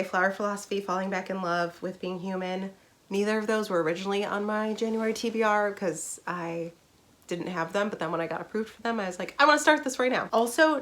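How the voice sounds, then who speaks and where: A young adult woman chatting casually in a book review vlog, bubbly and rambling, with laughs and asides. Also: medium pitch. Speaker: book vlogger.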